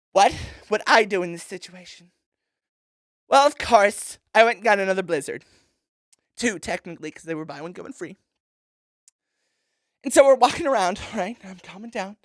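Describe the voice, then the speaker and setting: A woman's voice: high-pitched, fairly bright tone, dry recording, studio quality. A woman playing a vapid, self-absorbed young woman shopper in a comic monologue, gushing in an airheaded valley-girl way.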